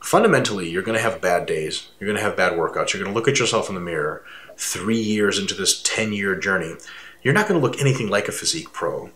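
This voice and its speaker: A man co-hosting a casual fitness talk, speaking emphatically and building his voice up high when he makes a point. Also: fast. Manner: animated, emphatic, swings to rising pitch when making a point. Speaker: fitness coach and co-host. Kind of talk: casual conversation. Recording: roomy echo.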